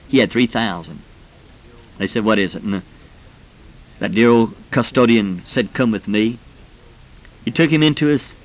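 Middle-aged male preacher, fervent sermon delivery, mid-pitched voice that climbs when stirred. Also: low-quality recording. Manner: fervent, with impassioned rising pitch.

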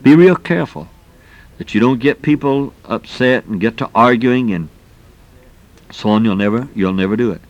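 Male preacher, middle-aged, folksy and emphatic delivery, mid-range pitch. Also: normal speed, dry recording, highs cut off. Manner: folksy and emphatic, exclamations of "man". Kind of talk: sermon.

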